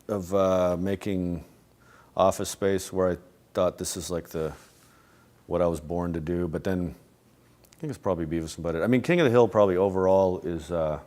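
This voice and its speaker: A middle-aged man with a deep, low voice is giving a relaxed interview. He rambles loosely and keeps breaking off and restarting his sentences, with soft laughs in between. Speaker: interviewee, animation creator. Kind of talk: casual reflective interview talk.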